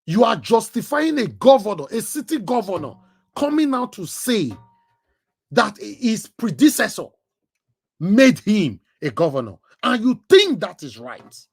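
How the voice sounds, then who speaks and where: A Nigerian man hosts a political call-in stream, speaking emphatically. His pitch swings widely, and he keeps firing rhetorical questions at his listeners. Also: sing-song, measured pace, vocal fry, husky. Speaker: live stream host taking calls. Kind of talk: impassioned political commentary and call-in.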